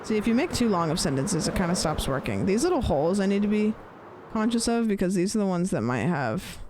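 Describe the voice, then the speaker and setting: Casual streamer voice, rambling gamer chat, mid pitch, background hiss. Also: very animated, fairly quick. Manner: chatty, rambling, swears casually; playful repeating of phrases with shifting stress. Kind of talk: casual live-stream chat while gaming.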